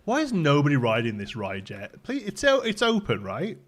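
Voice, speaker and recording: A man's voice: a little high, wildly swooping pitch, moderate pace. Casual young male streamer, bantering with chat, easy laughter. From Britain. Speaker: livestream host. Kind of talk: casual live-stream chat reading viewer messages.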